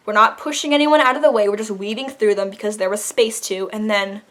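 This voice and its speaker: A woman's voice: mid-range voice, steady tone, fast talker, fairly bright tone. A young adult woman telling a personal story in a casual vlog, chatty, with many fillers and the odd laugh. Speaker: vlogger.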